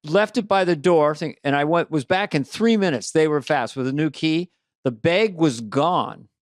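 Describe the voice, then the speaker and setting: A middle-aged man with a smooth, clear voice tells road stories in a low-key, deadpan way. His voice sits a little higher than most men's. The sound is dry and close to the mic. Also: normal speed, no echo. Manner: deadpan, understated anecdotes from the road. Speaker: co-host. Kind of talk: casual comedic storytelling.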